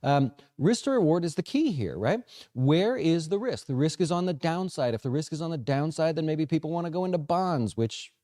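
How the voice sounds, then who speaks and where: A man's voice: fairly quick, dry recording, clean studio sound. A man hosting a market recap show as a financial advisor, chatty and jokey, correcting himself as he goes. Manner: lively pitch swings. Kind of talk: casual market recap talk.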